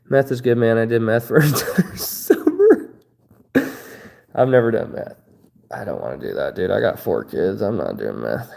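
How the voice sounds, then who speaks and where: A male streamer in his thirties bantering with his chat in loose, profane jokes. His voice is dark and gravelly, and his pitch swings all over the place as he reacts. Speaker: livestream host. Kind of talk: casual livestream chat, reading viewer comments.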